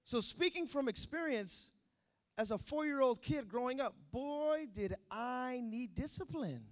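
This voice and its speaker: High-voiced joking male preacher. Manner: lively, joking, conversational preaching. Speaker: pastor. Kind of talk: sermon.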